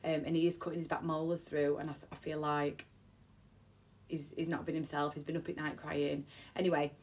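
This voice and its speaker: A deep, slightly mellow female voice keeps a level tone and a somewhat quick pace. She's an emotional mother of three telling a personal story, almost crying, with a heartfelt, rambling manner full of repeated phrases.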